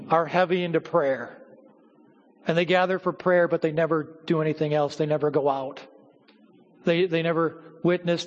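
A male pastor delivers a teaching sermon in a high-pitched voice. He speaks in measured phrases, pausing and repeating words as he explains each point. His voice rings out with a long reverb from the church hall. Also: muffled recording.

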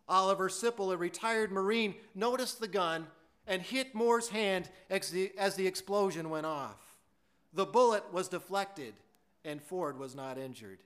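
Bright-voiced man preaching earnestly. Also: sits high. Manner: earnest, emphatic storytelling with some stammered restarts. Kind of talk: sermon.

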